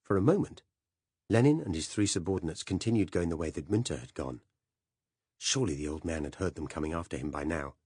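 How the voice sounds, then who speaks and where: A man narrating an audiobook in a measured, dramatic first-person telling. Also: deep voice, expressive, darkish tone, breathy edge, no room sound, studio quality.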